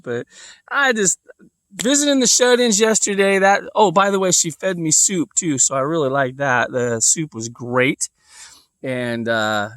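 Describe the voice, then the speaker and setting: Male vlogger, casual storyteller, meandering delivery; slightly high voice, dry close recording. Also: a bit bright, no room sound. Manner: rambling, with lots of fillers and restarts.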